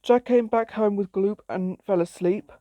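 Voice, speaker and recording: A woman's voice: mid-range voice, measured pace, dark tone, no echo. A woman reading her own story aloud in a plain, simple storytelling way.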